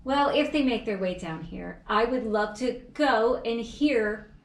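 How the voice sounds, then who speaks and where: Calm woman, distant and echoey. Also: a little high, a little slow. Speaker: podcast co-host. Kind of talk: casual political chat.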